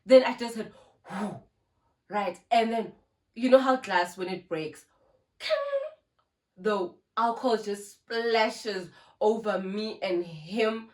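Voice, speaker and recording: A young South African YouTuber with a South African accent animatedly tells a casual storytime to her phone camera under a ring light, sprinkling in Zulu words. Her voice is mid-range and slow.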